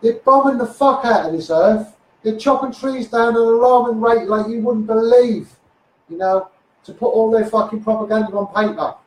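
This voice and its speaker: A man's voice: high voice, normal speed. A man with a Liverpool accent ranting in a Facebook live monologue, swearing and firing repeated asides at his viewers, recorded on a phone. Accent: Liverpool (Scouse). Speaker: self-styled activist livestreamer. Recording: echoey room, far from phone mic.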